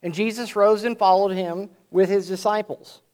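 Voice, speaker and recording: A man preaching a sermon in an earnest way, slowing down and swelling his voice to stress a point, and reading scripture aloud between his explanations. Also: high-pitched, steady tone, a little mellow, smooth.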